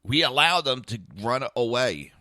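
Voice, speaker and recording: A man's voice: mid-range voice, lively intonation, unhurried, sharp tone, no room sound. Guy ranting on his podcast, cussing, asks lots of questions, dry close sound. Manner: blunt, profane, rhetorical questions. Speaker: podcast host. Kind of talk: opinionated political commentary monologue.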